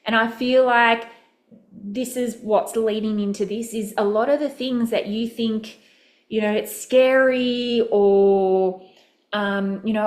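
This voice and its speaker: A woman's voice: a little high, fairly even intonation, slow pace, roomy sound. A woman coaching a group, telling a personal story in a candid, casual way and acting out the people in it. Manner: candid, swears casually, acts out quoted voices. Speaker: mastermind coach.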